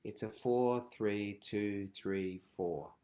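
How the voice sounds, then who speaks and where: A man with a fairly low voice leads a rhythm workshop over a video call. He talks in a playful way, chanting rhythmic words and swinging from loud calls to near whispers. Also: takes it slowly. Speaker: music teacher. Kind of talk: live online rhythm workshop.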